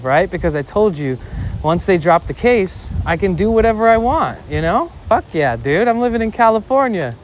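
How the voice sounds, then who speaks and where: A man streaming outdoors, casually telling a story in a loose, profane, animated way with acted-out quotes. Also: on the high side. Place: outdoors in a city. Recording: outdoor street noise behind.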